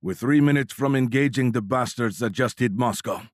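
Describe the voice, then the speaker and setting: A man's voice: medium pitch, moderate pace, no room sound, studio quality, lightly acted. Man doing a thick-accented Russian pilot commander. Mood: grim. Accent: Russian, put on. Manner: formal, ominous. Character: tough male Russian fighter commander, ominous. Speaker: fighter-wing commander.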